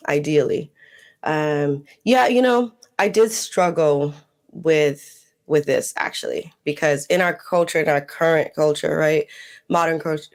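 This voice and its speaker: A woman talks about herself as a podcast guest, her voice carrying a gravelly edge. She lingers on words and laughs easily. The conversation feels relaxed and personal. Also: deep voice. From United States. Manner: reflective, laughs often, speaks with slow deliberate emphasis. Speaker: guest, holistic healer.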